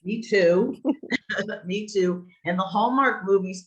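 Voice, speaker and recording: A woman's voice: medium pitch, slow pace, muffled recording. A woman social worker giving a reflective, conversational webinar talk over a video call. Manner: reflective, conversational, with personal anecdotes. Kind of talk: presentation to an online audience.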